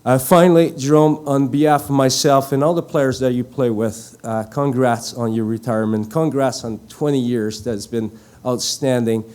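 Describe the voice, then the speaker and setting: At a live tribute, a middle-aged former teammate tells a story in broken phrases, with lots of fillers and false starts. He speaks in a steady, mid-range voice that's clean and a little mellow.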